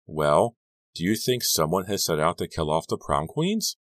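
A man's voice: low voice, very animated, moderate pace, no room sound. A man voicing a frightened teenage girl who talks anxiously and urgently about danger. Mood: fearful. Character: frightened teenage girl actress, nun costume.

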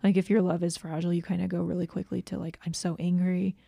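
A woman's voice: on the low side, little pitch movement, racing, gravelly, warm tone, husky, no room sound, clean studio sound. A young woman co-hosting a podcast, chatting casually with lots of fillers. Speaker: podcast co-host. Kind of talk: casual chat.

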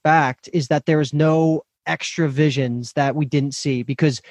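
A man co-hosting a casual podcast, talking excitedly about a TV episode and swearing freely. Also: fairly high pitch, unhurried, no room sound. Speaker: podcast co-host. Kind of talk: casual chat recapping a TV episode.

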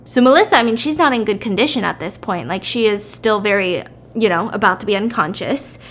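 A woman's voice: mid-range voice, a little fast, slight background noise. A woman hosting a podcast, casually retelling a film plot and acting out the quotes. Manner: animated, acts out the quotes. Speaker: podcast host.

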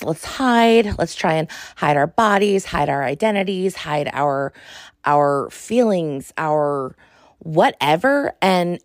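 A young adult woman hosting a podcast, talking in a sassy, exasperated, animated way. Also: on the low side, creaky, dry recording, clean studio sound. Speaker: podcast host. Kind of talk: casual monologue.

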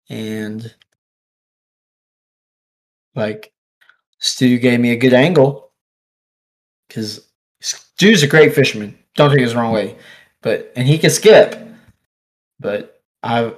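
Chatty man telling a fishing story. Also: mid-range voice. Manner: animated, laughs often, lots of "like" and "dude". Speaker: podcast guest angler. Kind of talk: casual storytelling chat. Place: office.

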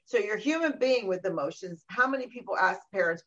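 A middle-aged woman talking about parenting in a casual conversation, animated and often acting out what other people say. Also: medium pitch, quick pace. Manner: animated, acts out quoted voices. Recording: dull lo-fi recording.

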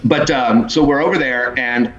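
A man telling stories as a podcast guest in an animated, casual way, laughing often and swearing freely. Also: mid-range voice, moderate pace, highs cut off, a crowd in the background. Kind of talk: casual storytelling. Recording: roomy echo.

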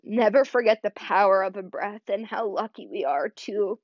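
A woman's voice: mid-range voice, expressive, normal speed, no echo. Choked-up woman, earnest podcast monologue. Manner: earnest, rambling, many "like" and "you know" fillers. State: emotional, choked up near tears. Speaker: podcast host. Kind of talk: heartfelt solo podcast monologue. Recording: dry, slightly dull lo-fi sound.

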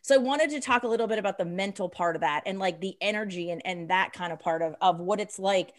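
A woman's voice: mid-range voice, quick pace. Woman podcast co-host, casual interview chat, rambling questions, mid-range voice. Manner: chatty, asks long rambling questions.

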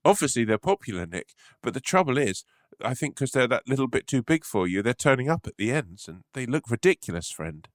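A man voicing an overly polite man gently breaking bad news to a friend in a prim, careful voice. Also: mid-range voice, big pitch swings, a little fast, dry recording, clean studio sound, close to an everyday voice. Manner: prim, careful, oddly wholesome put-on voice.

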